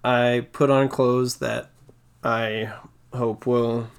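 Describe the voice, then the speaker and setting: A young man in casual conversation, speaking in a fairly monotone, quiet way and laughing often. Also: medium pitch, drawn-out words, creaky, clean tone. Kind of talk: casual chat.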